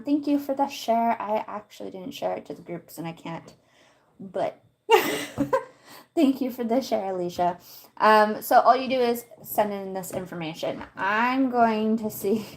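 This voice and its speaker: Woman, livestream host, casual walkthrough, chatty, laughs a lot, talks to chat, at home. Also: medium pitch.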